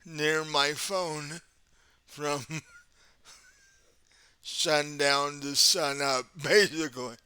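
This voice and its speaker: A man voicing a composed, centuries-old vampire prince who speaks with calm courtesy, in a tabletop game. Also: fairly high pitch, clean tone, no room sound, exaggerated voice. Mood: courteous. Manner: calm, courteous, unhurried host tone.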